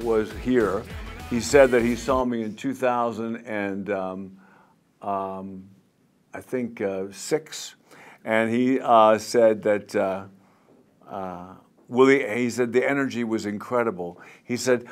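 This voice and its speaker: A man's voice: medium pitch, a little slow. Rambling older man in his seventies. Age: 70s. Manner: rambling, animated, mimics crowd chants. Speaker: singer being interviewed. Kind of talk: casual interview storytelling.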